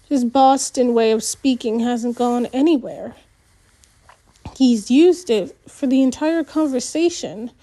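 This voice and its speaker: A woman narrating a novel aloud in the first person, in an unhurried, measured audiobook reading. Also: on the high side, mellow.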